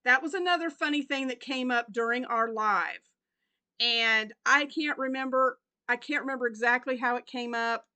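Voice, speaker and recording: A woman's voice: a little high, moderate pace, bright, forceful tone, clean tone. A middle-aged woman chatting casually while unboxing gifts in a crafting vlog, often breaking into helpless laughter. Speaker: crochet vlogger.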